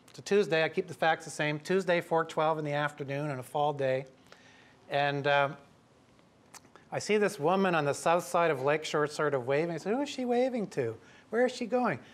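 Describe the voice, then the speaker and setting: A middle-aged man from Canada telling a lively story to an audience, acting out the voices of the people in it. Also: a little high. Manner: lively, acts out quoted voices. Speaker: professor telling a story at a talk.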